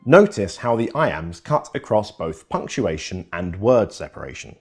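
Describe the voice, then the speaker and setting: A man's voice: fairly low pitch, sing-song, a little slow, breathy edge. A man giving scripted educational narration, explaining with quoted examples.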